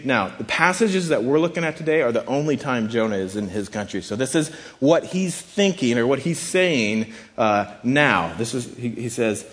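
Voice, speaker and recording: A man's voice: mid-range voice, lively intonation, normal speed, few pauses, fairly bright tone. A man delivers a sermon in an easygoing, conversational style. He slips into quoted voices now and then to make his point, but mostly he just talks to the room. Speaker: pastor.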